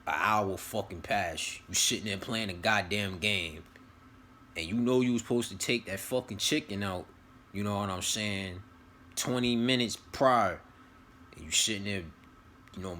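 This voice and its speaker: A man with a low voice talks in a loose, rambling motivational monologue, full of slang, swearing and repeated phrases. His tone is bright and forceful despite the deep pitch. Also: a little slow, slight background noise. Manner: rambling, slang-heavy, profane, repeats himself. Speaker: vlogger giving spiritual advice.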